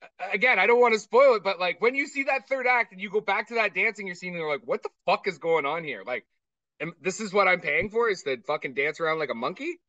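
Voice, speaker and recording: A man's voice: high voice, quick pace, no room sound, far from the mic, muffled recording. A man co-hosting a podcast, chatting casually and profanely while reviewing a movie. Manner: profane, ranting, animated. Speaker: podcast co-host.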